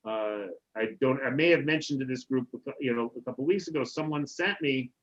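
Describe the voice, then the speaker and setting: A rabbi eases through a Hebrew lesson in a loose, chatty way, stopping often to check that his students are following. His voice sits at an ordinary middle pitch. The sound is muffled and dull, as on a video call. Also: a little fast. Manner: relaxed, chatty, many "right?" checks. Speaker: rabbi teaching a Hebrew class. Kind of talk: casual online class teaching.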